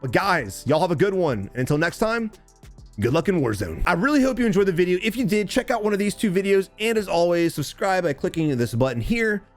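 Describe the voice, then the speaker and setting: A man coaching viewers over game footage, deliberately dramatic and emphatic, talking straight to his audience. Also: sits high, animated, faint music behind. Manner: addresses viewers and chat directly. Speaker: gaming coach commentator. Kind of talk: gameplay commentary and tips.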